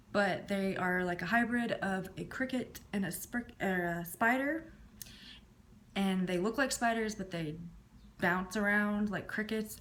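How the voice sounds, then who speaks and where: A woman's voice: medium pitch, slight background noise. A woman in her thirties from the States. She answers tag questions casually and drops her voice at the ends of phrases. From Southern United States. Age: 30s. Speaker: YouTuber.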